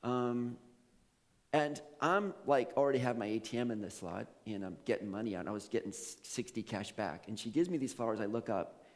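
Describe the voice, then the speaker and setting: A man's voice: on the low side, brisk, long reverb tail. A male pastor preaching a sermon, telling a story with laughs and quoted voices. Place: church sanctuary.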